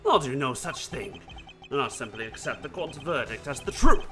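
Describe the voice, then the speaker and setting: Brief: scheming older male prosecutor, condescending and mannered, dropped lower than the player's own voice. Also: very animated, moderate pace, over music, natural voice. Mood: smug.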